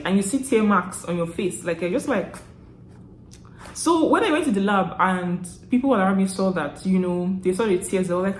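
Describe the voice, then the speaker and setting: A young woman from Nigeria with a Nigerian accent, telling stories to camera in a chatty, animated way, often laughing and restarting her sentences. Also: mid-range voice, reverberant, slight background noise. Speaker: vlogger. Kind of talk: casual storytelling to camera.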